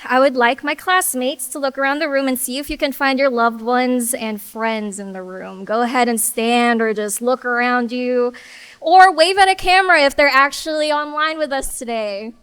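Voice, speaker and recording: High, smooth-voiced young woman giving a speech. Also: no room sound. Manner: earnest, warm and a little emotional. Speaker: class president. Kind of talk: ceremony speech. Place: hall with audience.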